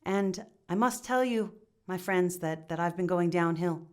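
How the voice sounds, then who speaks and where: A woman's voice: on the low side, unhurried, pitched below the performer's own voice, close to an everyday voice. A woman voicing a humble young village man who confesses his guilt earnestly and stumbles over his words. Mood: remorseful. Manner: confessional, stammering with restarts.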